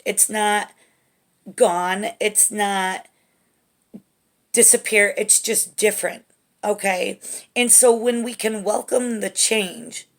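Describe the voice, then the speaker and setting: A woman giving a spiritual tarot reading to camera, gentle and reassuring, often checking in with "okay?". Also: mid-range voice, gravelly. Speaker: tarot reader.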